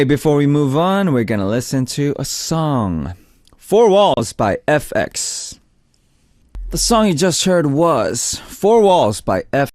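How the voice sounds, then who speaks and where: A man hosting a music radio show, reading out listener messages in a relaxed, chatty way. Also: medium pitch, dry recording, clean studio sound. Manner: relaxed, chatty, lots of "like" and "you know". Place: radio studio. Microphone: studio microphone.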